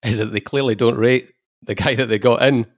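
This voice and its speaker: A man's voice: mid-range voice, steady tone, a little fast, no echo, studio quality. A man hosting a podcast, leading the chat in a conversational way. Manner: conversational, leads the discussion. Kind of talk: casual podcast discussion.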